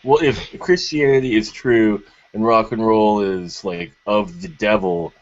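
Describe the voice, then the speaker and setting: A man's voice: on the low side, steady tone, a little slow. A man in casual group chat on a video call, speaking hesitantly with many fillers. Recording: muffled lo-fi call audio.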